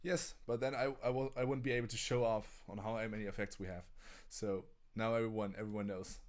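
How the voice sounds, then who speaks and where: A man's voice: lowish voice, fairly even intonation, brisk. A man with a German accent co-hosting a casual live stream about guitar gear, talking with many restarts and stammers. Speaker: co-host.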